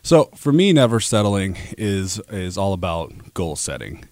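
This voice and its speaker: A man's voice: sits low, very animated, measured pace, darkish tone, no echo. A man in his thirties from Alaska, a radio guest talking earnestly about his work with many fillers and restarts. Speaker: guest, ad sales rep. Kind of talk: casual interview talk.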